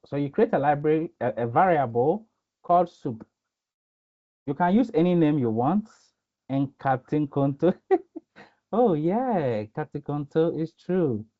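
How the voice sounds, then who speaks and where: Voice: medium pitch, dull audio. A coding instructor from Ghana, teaching in a live-streamed lesson. The instructor is chatty, laughs often and reads out the viewers' chat.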